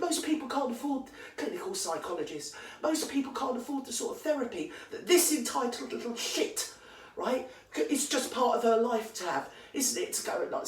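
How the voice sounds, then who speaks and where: Sweary English woman ranting, echoey room. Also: fairly high pitch. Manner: indignant, sweary rant. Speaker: comedy character vlogger. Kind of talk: ranting character comedy monologue. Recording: echoey room, far from the mic.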